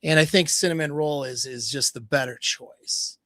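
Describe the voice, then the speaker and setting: A man's voice: a little high, moderate pace, a bit bright, no room sound, clean studio sound, close to an everyday voice. A man voicing a playful young woman in line. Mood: teasing.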